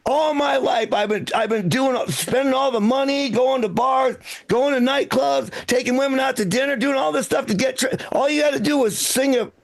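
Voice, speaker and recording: Gravelly high-voiced older man doing stand-up. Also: normal speed. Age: 60s. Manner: rambling, self-mocking delivery with frequent restarts. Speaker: stand-up comedian and emcee. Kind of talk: live stand-up comedy set. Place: comedy club stage.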